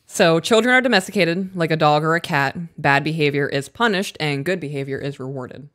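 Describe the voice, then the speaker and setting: Low-voiced woman podcast co-host. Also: fairly quick. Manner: candid, animated storytelling, swears freely. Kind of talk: casual podcast chat.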